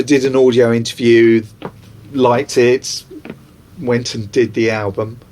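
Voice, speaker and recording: A man's voice: mid-range voice, a little mellow, slight background noise. A man, a record producer, casually telling anecdotes in an interview and acting out other people's voices.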